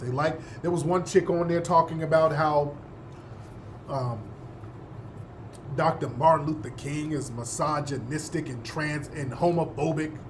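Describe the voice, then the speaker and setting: A man's voice: on the high side, a little hiss or hum. A man hosting a talk show, delivering an emphatic monologue and often checking in with listeners. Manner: emphatic, repeats points and asks listeners "yeah?". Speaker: host.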